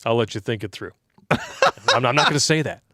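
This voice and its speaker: A man's voice: mid-range voice, sing-song, normal speed, pushed and bright, no room sound, studio quality. A man co-hosting a casual livestream, reading donor messages aloud and making crude jokes that he laughs at himself. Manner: crude joking, reads tips aloud, laughs at own jokes.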